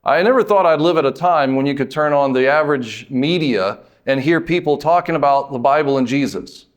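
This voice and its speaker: A man from the United States preaching a sermon as pastor, emphatic, drawing out words and lifting suddenly in pitch and volume, with folksy asides. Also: a little fast.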